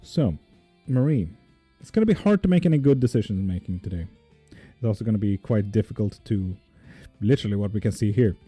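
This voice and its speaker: Male tarot streamer, mellow and dark, casual live chat, dry close mic, soft guitar bed. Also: on the low side, brisk, husky, no room sound. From not Swedish. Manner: relaxed, reads out comments and answers them, swears casually.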